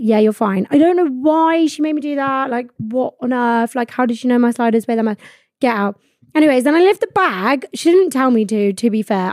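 A woman's voice: a little high, dry recording, clean studio sound. Swearing young woman telling a story. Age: 20s. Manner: animated, swears freely, acts out quoted exchanges. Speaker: podcast host. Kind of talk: solo storytelling chat. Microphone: studio podcast mic.

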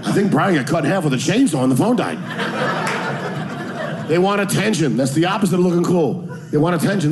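A man doing a stand-up comedy set, ranting, with sudden loud yells, recorded live in a comedy club. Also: on the high side, normal speed, long pauses, crowd noise. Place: comedy club stage with audience.

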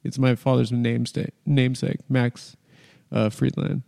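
A man's voice: medium pitch, steady tone, normal speed, vocal fry, mellow, in a large hall. A man hosting a podcast, chatting casually and telling rambling, crude, comedic stories. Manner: rambling, storytelling, crude humor. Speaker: podcast host.

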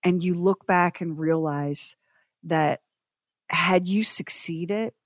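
A woman's voice: fairly low pitch, takes it slowly, dry recording, studio quality. A middle-aged woman, a podcast co-host and former TV writer producer, talking earnestly and emphatically in casual chat. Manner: earnest and emphatic, talks through her feelings.

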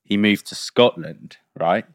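A man's voice: fairly low pitch, unhurried, no echo, clean studio sound. A man co-hosting a casual podcast, telling a rambling story and checking in with "right?" as he goes. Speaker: podcast co-host.

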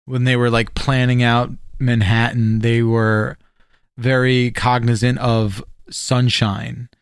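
A man's voice: mid-range voice, little pitch movement, takes it slowly, clean tone, dry recording, studio quality. A man co-hosting a casual podcast, rambling loosely, laughing and swearing as he talks. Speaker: podcast co-host.

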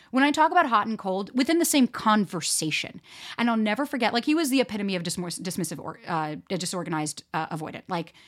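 A young woman hosts a dating-advice podcast on her own, in the middle of her range and easy in tone. She is blunt and animated, drops swear words freely, and speaks straight to her listeners as if coaching a friend. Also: mid-range voice. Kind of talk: casual solo podcast talk.

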